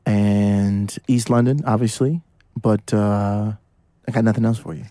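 Joking co-host of a podcast. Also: male voice, lowish voice, fairly even intonation, a little slow, mellow, no room sound. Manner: joking, playful banter. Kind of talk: casual sports chat.

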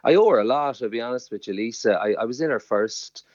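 A man's voice: mid-range voice, fast, darkish tone, no echo, lo-fi sound. A man in his forties with a Waterford Irish accent, chatting as an actor guest on a radio interview. He laughs often, stumbles and repeats words, and pokes fun at himself. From Ireland. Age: 40s. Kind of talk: casual radio interview chat.

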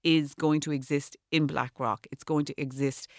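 A man's voice: on the high side, steady tone, moderate pace, no echo, clean studio sound. An Irish man, an architect, talking through ideas in a rambling, discursive way full of restarts during a radio interview. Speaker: architect guest.

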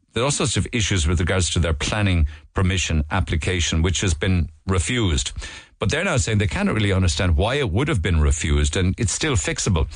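A man's voice: sits low, no echo. A man with an Irish accent hosting a radio show, chatting his way through the morning papers with digressions, restarts and asides. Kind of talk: casual newspaper review chat.

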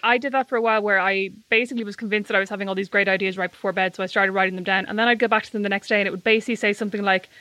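A woman co-hosting a podcast with her sister, chatting casually and teasing her with deadpan jokes. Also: mid-range voice, very fast, few pauses, no echo. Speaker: podcast co-host. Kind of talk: casual chat.

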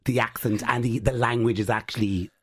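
Rambling Irish man, mid-pitched. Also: fairly even intonation, a little fast, breathy edge. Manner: rambling, full of fillers. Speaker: panelist on an advice show. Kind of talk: casual radio chat.

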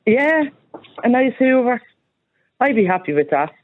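A woman's voice: fairly high pitch, very animated, a little slow, narrow, tinny audio, a little hiss or hum. A woman calling in to a radio show, talking in a chatty, rambling way and saying "like" a lot. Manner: chatty, rambling, says "like" often. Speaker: caller. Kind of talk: casual radio phone-in chat.

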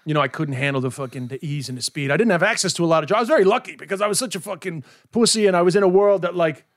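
Fast-talking American man, frank podcast guest. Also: high voice, no echo, clean studio sound. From New York, USA. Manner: frank, self-mocking, swears freely. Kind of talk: candid casual chat.

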